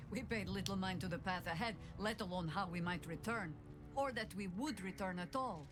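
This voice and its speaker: A woman's voice: medium pitch, lightly acted. An actress playing a stern, older half-elf druid woman who speaks curtly and measuredly with dry wit. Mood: reminiscing. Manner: curt, measured, dryly wry. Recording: game audio with music underneath.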